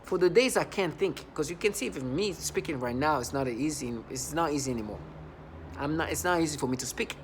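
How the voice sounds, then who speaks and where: A man in his thirties giving a personal testimonial, halting, often repeating and restarting words. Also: a little high, slight background noise. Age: 30s. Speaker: vlogger.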